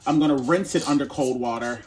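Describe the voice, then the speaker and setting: A man's voice: medium pitch, fairly quick, darkish tone. A man hosting his cooking channel, walking through a recipe in a casual, sassy, playful way and calling viewers baby and honey.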